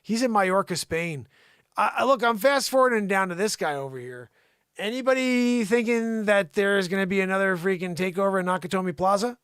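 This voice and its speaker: A man hosting a live talk show, doing improvised comedic commentary in an excitable, riffing way that swings between loud outbursts and muttered asides. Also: high voice, brisk, clear, resonant tone, dry recording, studio quality.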